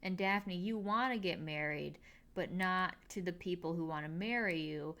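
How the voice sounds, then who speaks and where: A young woman casually recapping a TV episode with dry sarcasm, tossing off quick mock quotes of the characters. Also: on the low side, bright, forceful tone. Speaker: podcast host recapping a TV episode.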